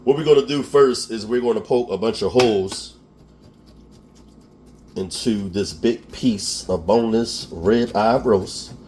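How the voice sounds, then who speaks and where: A man's voice: lowish voice, a little mellow, a little hiss or hum. A man with a Philadelphia accent hosting a home cooking tutorial. He talks casually, laughs at himself and often checks in with "okay?". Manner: chatty, laughs at himself, keeps asking "okay?". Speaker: cooking show host.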